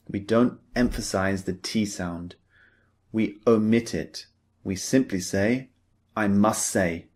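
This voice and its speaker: A man teaching English in a recorded lecture, explaining slowly and patiently, step by step. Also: lowish voice, darkish tone.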